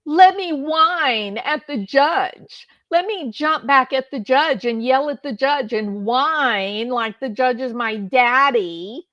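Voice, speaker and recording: A woman's voice: on the high side, slow pace, few pauses, bright, forceful tone, no echo, highs cut off. A woman putting on a whiny, self-pitying female defendant who breaks into mock crying. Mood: whining. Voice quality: whining, tearful, mocking.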